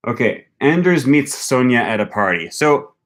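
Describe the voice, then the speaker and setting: A young man casually thinking aloud as he tries a language app, slowly repeating foreign phrases after a recording. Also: medium pitch, very animated. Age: young adult. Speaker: language learning vlogger. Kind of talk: casual commentary while using a language app.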